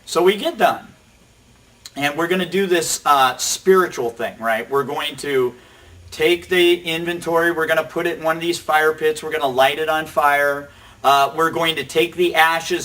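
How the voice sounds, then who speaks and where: A man's voice: fairly high pitch, fairly bright tone, distant mic. A middle-aged man casually telling a rambling, self-deprecating story as host of a recovery show. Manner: rambling, self-deprecating, quotes people in quick asides.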